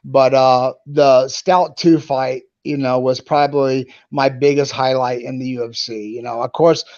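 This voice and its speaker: Rambling former fighter, lo-fi. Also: male voice, medium pitch, steady tone, unhurried, darkish tone. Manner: rambling, many restarts and fillers. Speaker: guest, former pro fighter. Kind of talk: casual conversation. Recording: dull lo-fi sound.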